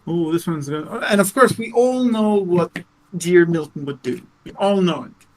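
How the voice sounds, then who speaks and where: A man bantering casually over a text game, halting and repeating himself as he talks. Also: sits high, low-quality recording. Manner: halting, repeats words, laughs easily. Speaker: co-host playing a text game.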